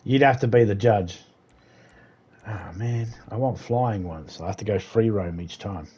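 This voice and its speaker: A man's voice: on the low side, unhurried, warm tone, slight background noise. A middle-aged man, chatting casually and swearing freely while streaming a game. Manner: profane, rambling storytelling. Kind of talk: casual chat while gaming.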